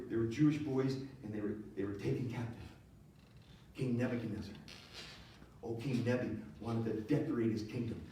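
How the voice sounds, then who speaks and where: A male pastor preaching a sermon with animated, playful storytelling. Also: mid-range voice, slight background noise. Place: church auditorium. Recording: echoey church hall, distant mic.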